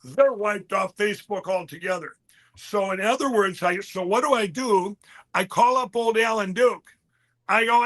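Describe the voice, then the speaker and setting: A man speaking as an interview guest, telling a long story in an animated, rambling way and quoting other people as he goes. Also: high-pitched, normal speed. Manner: animated, quotes others in mid-story, frequent restarts.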